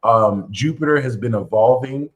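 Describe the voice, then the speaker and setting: A young man giving a casual astrology reading, loose and joking, with bursts of loud, animated rants. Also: moderate pace, rough recording. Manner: animated, swings into loud high playful rants with profanity. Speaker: astrology reader.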